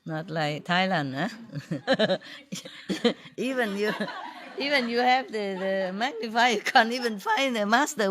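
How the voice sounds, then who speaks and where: A woman's voice: mid-range voice, slow pace, noisy background. A woman, a spiritual teacher, talking casually with her audience in a playful, teasing way and laughing often. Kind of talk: informal talk with an audience.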